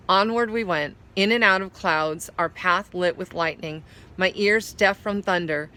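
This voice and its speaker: A woman reads a story aloud in a bright, forceful voice, pitched a little low. She pauses now and then to explain a word. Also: clear, resonant tone. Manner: explains hard words while reading. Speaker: story reader.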